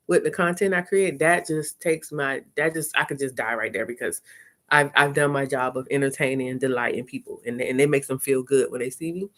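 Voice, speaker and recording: Chatty woman vlogger, lowish voice. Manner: chatty, animated storytelling with laughs. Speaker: content creator. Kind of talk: casual live-stream chat.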